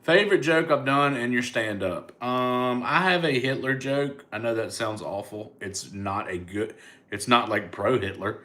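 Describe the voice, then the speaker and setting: A man's voice: mid-range voice, a little slow, sharp tone. A man with a Southern US accent, a comedian casually chatting live with his fans and answering their comments in a laid-back, rambling way. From United States.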